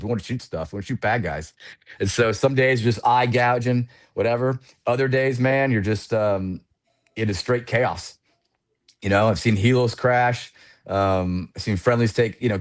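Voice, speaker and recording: A man in his forties, a retired Air Force pilot, telling war stories casually as a podcast guest, animated and full of "you know" fillers. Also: on the low side.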